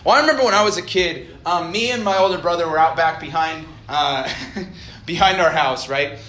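A young man from Idaho gives a relaxed storytelling sermon to a college crowd, chatty and self-deprecating. His voice sits a little high and sounds bright and forceful, carried by a roomy echo with a faint hum of ambience behind it. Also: fairly quick. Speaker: college ministry director preaching. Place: college meeting hall. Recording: echoey hall.

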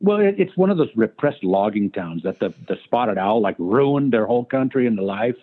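A man's voice: fairly low pitch, expressive, moderate pace. A man, a stand-up comedian, telling profane anecdotes in casual chat as a guest. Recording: tinny phone-line sound.

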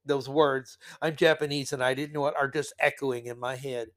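A man's voice: medium pitch, steady tone, normal speed, a bit bright, natural voice. A man mocking a whiny offended snowflake. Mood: mock-wounded. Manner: mocking, exaggerated self-pity. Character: whiny easily offended adult, melodramatic and fragile.

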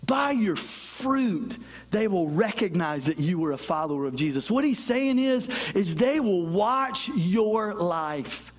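A man's voice: high-pitched, lively intonation, unhurried, few pauses. A middle-aged man preaching a sermon as pastor, telling stories with self-deprecating humor.

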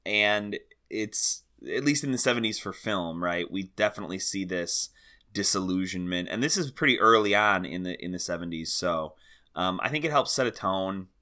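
Hesitant, bright-toned man co-hosting. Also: sits low, animated, moderate pace, clear, resonant tone. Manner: hesitant, many fillers and restarts, easy laughs. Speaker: podcast co-host. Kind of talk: casual film discussion.

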